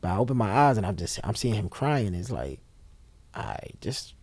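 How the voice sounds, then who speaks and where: A man's voice: on the low side, fast talker, no room sound. A man, a guest telling an emotional story and acting out the voices of others. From Brooklyn, New York. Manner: animated, acts out the voices of others as he retells.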